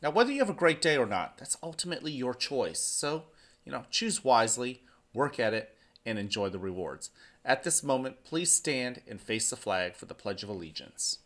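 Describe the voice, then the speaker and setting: A man's voice: medium pitch, big pitch swings, moderate pace, fairly bright tone. A man who is a school principal, giving morning announcements and speaking encouragingly to students.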